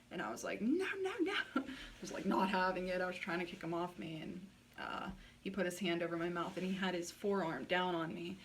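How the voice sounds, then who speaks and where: Frank woman vlogger with a lowish voice. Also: recorded from a distance, slight background noise. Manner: blunt and frank, swears freely, many filler likes. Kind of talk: candid personal storytelling.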